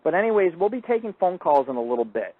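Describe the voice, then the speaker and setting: A man hosting a live call-in radio show, telling crude, boastful stories full of profanity and swinging from loud outbursts to low mutters. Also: very animated, fast, dry recording. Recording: tinny phone-like line.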